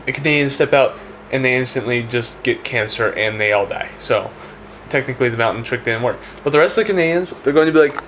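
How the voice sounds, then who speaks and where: A man's voice: medium pitch, a bit bright, slight background noise. A man rambling through a comic monologue, packing his talk with "like" and "check this out". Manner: rapid, full of "like" and "check this out".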